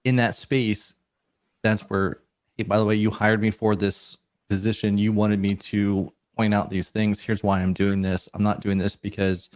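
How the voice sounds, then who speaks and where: A man with a lowish voice co-hosting a casual podcast and dropping dry jokes. The sound is dry and close, with no room echo. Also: flat delivery, moderate pace.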